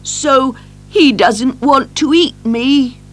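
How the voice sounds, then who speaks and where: A woman voicing a timid, lonely young male duckling in a storybook, with high, eager cries. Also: slow pace, fairly bright tone, soft background music. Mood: sad.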